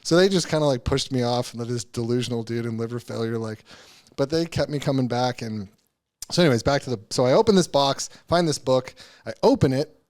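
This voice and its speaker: Brief: male podcast guest, middle pitch, candid and earnest storytelling, halting restarts, casual swearing. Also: darkish tone. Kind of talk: personal storytelling in a podcast interview.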